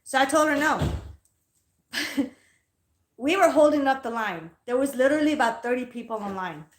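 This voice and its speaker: A woman's voice: high-pitched, moderate pace. A woman hosting a casual livestream as a psychic reader, telling stories in a heated, profane way and sounding tired. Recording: echoey room.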